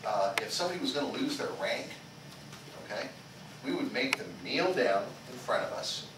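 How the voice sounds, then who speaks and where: A male martial arts instructor teaching a small class. His pitch swings widely as he asks questions and tags "okay?" onto his points. He is picked up by a distant mic in an echoey training hall, with clear background noise. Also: expressive, normal speed. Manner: repeats "okay?" after nearly every sentence; asks the class questions and leads group chants. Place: karate school training hall.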